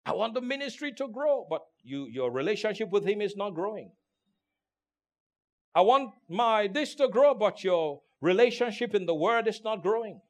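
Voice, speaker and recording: A man preaching a sermon as pastor. He is emphatic, calls out for responses from the congregation, and swings from hushed to loud delivery. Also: high voice, animated, normal speed. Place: church in Turkey.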